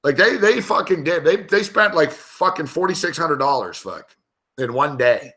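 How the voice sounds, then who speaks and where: A man's voice: on the high side, animated, normal speed, bright, forceful tone. A man on a sports betting show telling a heated story in casual, profanity-heavy talk.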